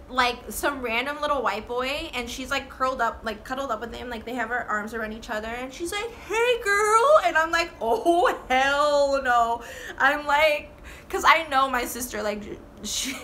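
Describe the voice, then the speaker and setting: A woman's voice: high voice, normal speed, sharp tone, slight background noise. A young woman telling a storytime in a casual, rambling, profane way, full of "like". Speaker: vlogger.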